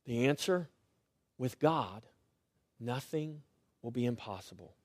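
A middle-aged male pastor preaching a sermon, swinging between loud rising lines and quiet, hushed refrains. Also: medium pitch, animated, slow, no echo.

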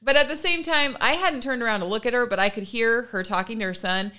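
Animated woman telling a story. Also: fairly high pitch, fast, clean tone. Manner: animated, acts out quoted voices. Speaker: podcast co-host. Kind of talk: casual storytelling chat.

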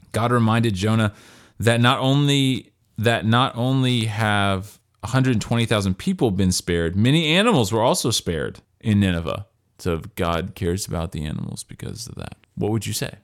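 A man with a fairly low voice co-hosts a casual podcast. He rambles in a chatty way and breaks off to read list items aloud. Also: animated, moderate pace. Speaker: podcast co-host.

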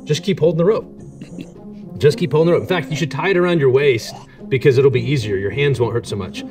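A stubborn stranger dangling from a rope talks with calm, unbudging insistence, as a man puts him on while retelling a fable. His requests come soft but firm. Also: medium pitch, fast talker, far from the mic, over music, natural voice. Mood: insistent. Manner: calm, insistent, quietly demanding.

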